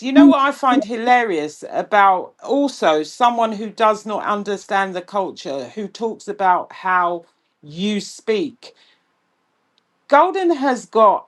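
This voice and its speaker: A woman with a London accent, co-hosting a podcast in casual chat, speaking in a measured, slightly hesitant way. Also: mid-range voice. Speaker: podcast co-host.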